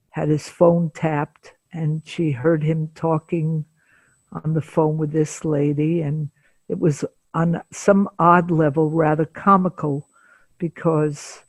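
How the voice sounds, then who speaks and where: Woman, 70s, psychotherapist, unhurried, husky, gravelly. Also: low-pitched, dark tone, no room sound. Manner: slow, deliberate storyteller with frequent pauses. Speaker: psychotherapist guest. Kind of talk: interview storytelling.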